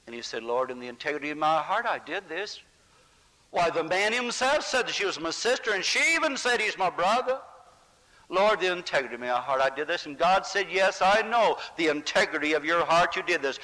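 A man preaching a sermon with impassioned, dramatic swings in pitch and loudness, acting out scripture voices. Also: lively intonation, normal speed. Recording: long hall reverb.

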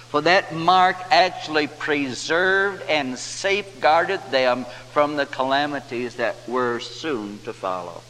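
A man preaching a sermon, quoting scripture and slowing down for emphasis. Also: medium pitch, a bit bright. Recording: reverberant hall, faint hum.

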